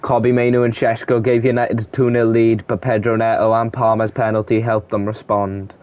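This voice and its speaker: A man's voice: lowish voice, flat delivery, normal speed, dull audio. A young man giving casual play-by-play commentary on a football video game, reading off player names in short bursts. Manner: calls player names in short bursts, shouts at goals and chances.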